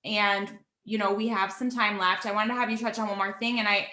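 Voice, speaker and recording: Female host, bright and slightly high, effusive and halting; roomy echo. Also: steady tone. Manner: effusive, gushing with praise, halting restarts. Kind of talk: interview conversation.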